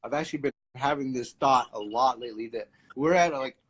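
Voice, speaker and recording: A man's voice: medium pitch, brisk, fairly bright tone, slightly rough, low-quality recording. A man hosting a livestream, chatting casually about spiritual ideas with many fillers and restarts. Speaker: livestream host.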